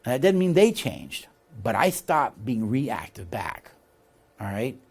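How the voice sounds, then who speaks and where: Unhurried and a bit breathy, a man with a mid-range voice teaches a leadership course in a recorded lecture. He reads text passages, explains ideas, and animatedly checks with his audience using "see?" and "all right?".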